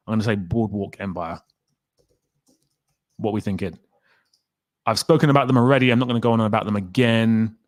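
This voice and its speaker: A man's voice: lowish voice, a little mellow, no room sound. A man hosting a casual livestream, chatting and reading viewer comments aloud in a rambling way. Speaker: livestream host.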